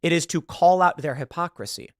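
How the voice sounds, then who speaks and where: A man's voice: a little high, a little fast, dry recording, studio quality. A man giving emphatic online commentary, often repeating words as he pushes his points. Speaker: political commentator.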